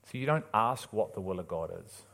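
A man preaching a sermon in a church, passionate and emphatic, swinging between loud urgent calls and quiet pleading. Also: lowish voice, expressive, brisk.

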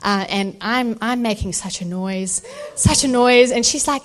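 Animated woman telling a birth story. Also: on the high side, unhurried. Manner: animated storytelling, acts out voices. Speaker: speaker sharing a birth testimony. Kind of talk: testimony talk at a church event.

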